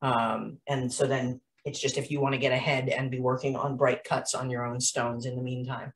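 A woman's voice: very deep voice, level tone, normal speed, distant mic, rough recording. A woman teaching a jewelry-making class over a video call, explaining chattily with frequent ums and restarts. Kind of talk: live online class instruction.

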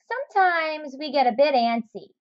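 A woman voicing a troop of rowdy, excitable ants in a storybook reading. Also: high-pitched, moderate pace, dull audio. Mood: apologetic. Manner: shouty and excitable. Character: troop of rowdy ants, loud then polite.

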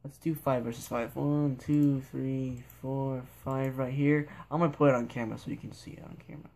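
A young man with a gravelly, mid-pitched voice gives casual commentary while he plays. He rambles goofily, talks to himself and barks at the characters on screen. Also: steady tone, fairly quick, darkish tone. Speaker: gameplay video maker.

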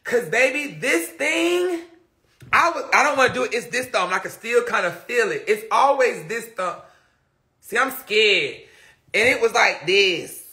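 A man's voice: very high-pitched, measured pace. A man live-streaming casually, telling stories to viewers in a sassy, dramatic way. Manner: animated, dramatic storytelling with lots of laughing; sassy, slangy, talks straight to viewers. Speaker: livestreamer.

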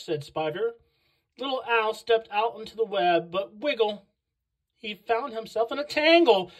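A woman reading a picture book aloud to children, slow and expressive on the sound words. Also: mid-range voice, poor audio. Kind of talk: read-aloud storytelling for children.

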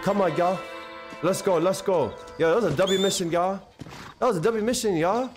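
A young man giving excitable, slang-heavy live commentary while streaming a video game and chatting with his viewers. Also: high voice, normal speed. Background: game music.

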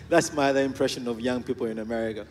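A man's voice: mid-range voice, rapid-fire, darkish tone. Playful man joking from the church stage. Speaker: visiting ministry representative. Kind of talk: church announcement with humor. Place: church sanctuary. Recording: church hall reverb with faint music.

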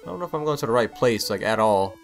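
A gameplay channel host gives casual let's-play commentary in a lowish, gravelly, expressive voice, talking fast over soft background music. He rambles, repeats himself and yelps when startled.

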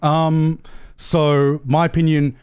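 Brief: young male streamer, high-pitched and unhurried, excitable, swears, repeats himself. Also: clear, resonant tone. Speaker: anime streamer. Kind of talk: animated casual ranting.

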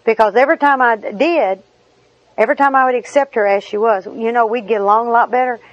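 A woman's voice: on the high side, fast, lo-fi sound. A middle-aged woman, giving a personal recovery talk in a humorous, chatty storytelling manner with asides. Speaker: recovery meeting speaker.

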